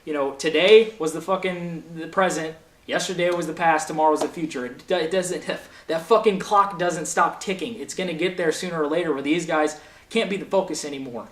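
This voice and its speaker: A man's voice: a little high, a little fast, fairly bright tone. A young man hosting a wrestling show, ranting with passion and heavy swearing in casual commentary. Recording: echoey room, faint noise.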